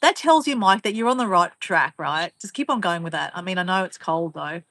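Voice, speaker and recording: A woman's voice: on the low side, lively intonation, a little fast, a bit bright, no echo. An Australian woman vlogging in casual chat, rambling and teasing as she reads viewer comments, laughing often.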